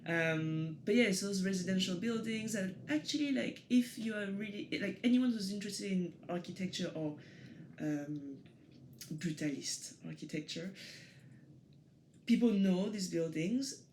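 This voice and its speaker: A woman's voice: medium pitch, measured pace, a little mellow, slight background noise. A woman with a French accent, chatting as an interview guest, hesitant and full of restarts. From France, Paris suburbs. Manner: hesitant, many fillers and restarts, laughs easily. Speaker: guest photographer. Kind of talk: casual interview talk.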